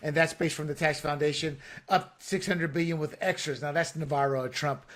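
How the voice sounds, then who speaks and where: Excitable higher-voiced male podcast host. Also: fairly quick. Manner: excitable, stumbling with fillers and restarts. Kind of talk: casual political chat.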